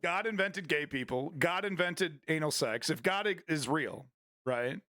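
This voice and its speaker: A man's voice: on the high side, lively intonation, unhurried, bright, forceful tone, dry recording. A man commenting on news during a livestream, talking in a crude, irreverent and mocking way.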